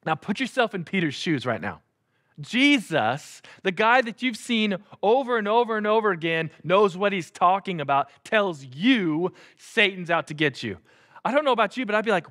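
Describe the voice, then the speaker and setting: A man's voice: high-pitched, lively intonation, moderate pace, a bit bright. A man preaching a casual sermon as a pastor, joking and acting out Bible figures in playful voices.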